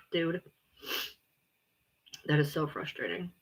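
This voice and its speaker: A woman livestreaming and chatting casually, blunt, exasperated and quick to swear. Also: low voice, expressive, bright, forceful tone.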